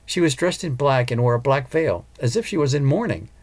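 A man's voice: mid-range voice, lively intonation, fairly quick, darkish tone, lightly acted. A man voicing an earnest, determined woman opera singer and mother in an audiobook. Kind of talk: audiobook character voice.

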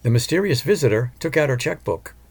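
A man narrating an audiobook in a calm, measured way. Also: medium pitch, husky.

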